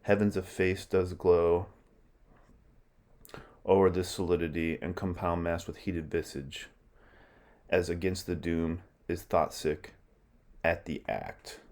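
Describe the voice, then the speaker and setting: A man reads out a young prince berating his mother in verse. The voice is deep and low, and the verse is read plainly rather than acted in full. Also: little pitch movement, slow pace, pauses often, darkish tone. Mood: reproachful. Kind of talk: verse read aloud in class.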